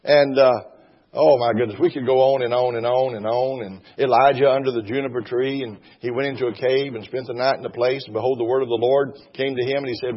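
A man's voice: mid-range voice, steady tone, a little fast. Fervent male preacher in a hall. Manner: fervent, rising to loud exclamations, reads scripture aloud. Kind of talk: sermon. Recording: dull, roomy hall sound.

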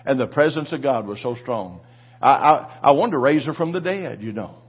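A man's voice: medium pitch, lively intonation, normal speed, breathy edge, lo-fi sound. A man preaching a sermon, telling a personal story with fervent, repetitive delivery and calls for the congregation to respond. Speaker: pastor.

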